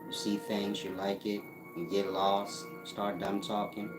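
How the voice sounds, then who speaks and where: A man's voice: lowish voice, monotone, a little slow. A man, hosting a casual livestream, answering chat in a blunt, mocking, profane way. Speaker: livestream host reading chat. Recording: roomy with loud music behind.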